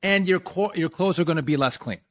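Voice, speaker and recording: A man's voice: fairly high pitch, fairly quick. A man co-hosting a podcast, blunt and mocking in casual talk. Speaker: podcast co-host. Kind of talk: casual political chat.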